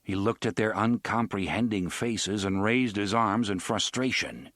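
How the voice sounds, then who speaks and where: A man narrating a story in an expressive audiobook style. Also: fairly low pitch, unhurried, hardly any pauses, no room sound, clean studio sound. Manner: expressive, varied delivery.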